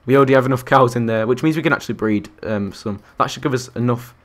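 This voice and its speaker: A young man commentating his Minecraft survival game, chatty and excitable, talking to the animals and to his viewers. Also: mid-range voice, fast. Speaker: gaming YouTuber. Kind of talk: Minecraft let's-play commentary.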